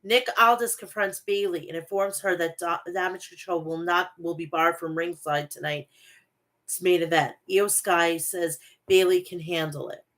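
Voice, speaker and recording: Lady host running through a wrestling recap, lowish voice, quick play-by-play, keeps fixing her words. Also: fairly even intonation, a bit bright. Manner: brisk play-by-play recap with frequent self-corrections.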